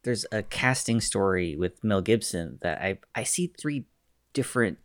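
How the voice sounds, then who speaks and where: Man, deep low voice, dry close sound, casual podcast, short interjections, trivia. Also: expressive, normal speed, no room sound. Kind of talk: casual film discussion.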